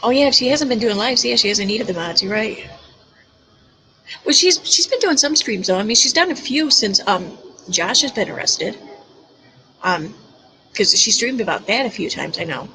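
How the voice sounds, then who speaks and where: A woman's voice: fairly high pitch, expressive, normal speed, long pauses, bright, forceful tone, poor audio. Chatty woman hosting a livestream. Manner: chatty, laughs often. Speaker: livestream host. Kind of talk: casual chat with callers.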